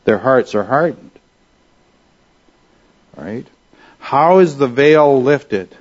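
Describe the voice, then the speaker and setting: A pastor preaches in a mid-pitched voice, earnest, conversational and animated, often stopping to put questions to the congregation. The recording is somewhat dull and lo-fi.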